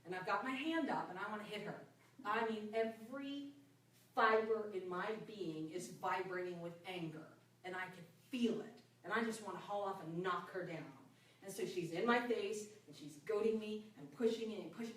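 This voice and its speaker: Earnest woman, echoey distant room. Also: moderate pace. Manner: earnest, often drops to a soft, low voice. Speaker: self-help speaker. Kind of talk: reflective personal talk.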